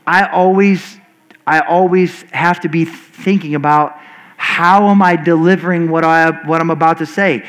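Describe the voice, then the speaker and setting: A male pastor in his forties delivers a sermon in a fairly high voice. He talks quickly and earnestly, often restarting his sentences as the words tumble out. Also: a bit bright, rough recording. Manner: fast-talking, earnest, with frequent restarts.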